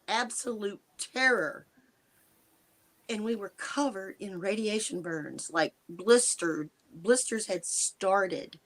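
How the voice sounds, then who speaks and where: An American woman in her 60s, with a lowish voice, tells an interviewer about a personal encounter in emotional first-person terms. She halts earnestly, starts sentences over, and rushes or slows unevenly. Her dry mouth audibly catches as she speaks.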